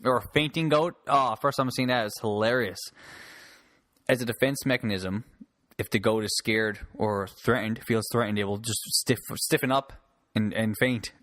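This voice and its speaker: A man's voice: on the low side, moderate pace, fairly bright tone, no echo. A man hosting a solo podcast, rambling casually, restarting sentences and swearing freely into a close handheld mic. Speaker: podcast host. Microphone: handheld mic held close.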